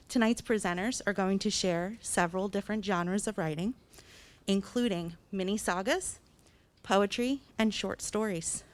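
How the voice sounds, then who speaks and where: A woman's voice: mid-range voice, a little mellow. A woman who teaches second grade, politely and steadily introducing students to a community meeting. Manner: polite and measured, addressing the community. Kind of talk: formal public introduction at a meeting. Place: school board meeting room.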